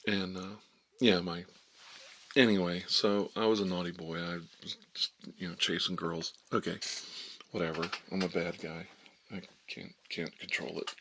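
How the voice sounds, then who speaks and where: Man in his fifties, soft-spoken ASMR storytelling, whispery murmur, low gravelly voice, bright edge. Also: little pitch movement, normal speed, a little hiss or hum. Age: 50s. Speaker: life coach.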